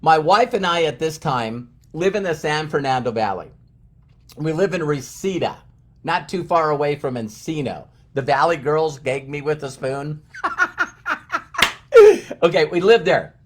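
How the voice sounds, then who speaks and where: A man's voice: on the high side, measured pace, a little hiss or hum. A middle-aged man speaking as a motivational speaker, telling a story with lots of stammered repeats and restarts. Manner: animated, stammering repetitions. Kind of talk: storytelling talk.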